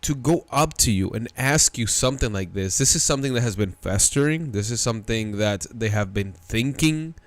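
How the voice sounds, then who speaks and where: A man's voice: medium pitch, lively intonation, normal speed, hardly any pauses, dry recording. A man hosting a reaction show, giving blunt, incredulous commentary on a played clip.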